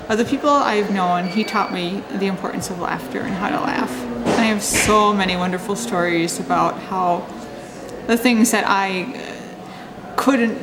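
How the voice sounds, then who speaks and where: A woman's voice: mid-range voice, rough recording. A woman sharing personal memories in an interview, chatty, laughing often and acting out remembered conversations. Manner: chatty, laughs often, acts out quoted dialogue. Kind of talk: tearful-to-laughing personal storytelling.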